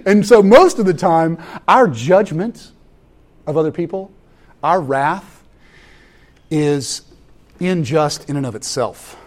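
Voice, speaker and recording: A man in his thirties preaching a sermon, animated and storytelling, acting out scenes from home. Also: on the high side, slow, long pauses. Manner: animated, acts out family scenes with voices. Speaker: pastor.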